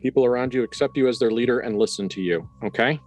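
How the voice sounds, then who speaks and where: A man running a tabletop horror game as game master, describing the scene quickly with amusement. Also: mid-range voice, a little mellow, soft background music.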